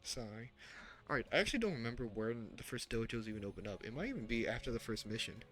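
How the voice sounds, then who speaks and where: A man's voice: medium pitch, big pitch swings, very fast, a bit bright, soft background music. A man streaming a video game, chatting casually about the menus and story, often stopping to correct himself and chuckling to himself. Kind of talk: casual gameplay commentary.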